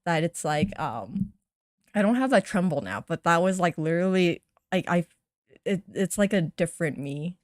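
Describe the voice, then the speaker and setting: A woman's voice: on the low side, expressive, normal speed, no room sound, clean studio sound. A woman streamer chatting casually and teasing herself, laughing often as she reacts to an old stream of hers.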